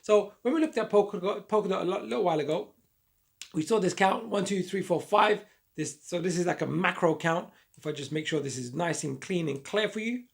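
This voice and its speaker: A man with a croaky throat teaches a trading lesson on screen, his voice gravelly with fry. He sits a touch higher than most men and keeps an upbeat, repetitive patter as he draws on the chart. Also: brisk. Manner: upbeat, repetitive, talks through drawing on charts. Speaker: trading educator.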